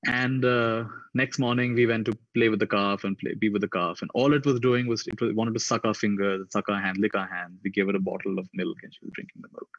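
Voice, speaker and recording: A man speaking at a conference, telling reflective stories and raising his pitch to act out the people in them. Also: fairly even intonation, fairly quick, few pauses, fairly bright tone, no echo, highs cut off. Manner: acts out the voices in his stories with raised pitch. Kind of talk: reflective storytelling talk.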